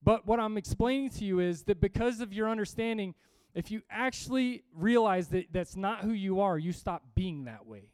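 High-voiced, smooth-toned man preaching. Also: moderate pace, no room sound. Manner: energetic, emphatic, with restarts and humor. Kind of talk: sermon.

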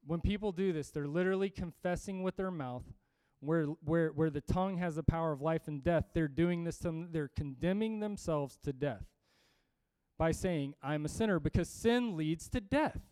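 A man preaching a sermon to a congregation, energetic and emphatic, reading scripture and often repeating himself. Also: fairly high pitch, normal speed, clean tone, no echo. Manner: energetic, emphatic, with restarts and humor.

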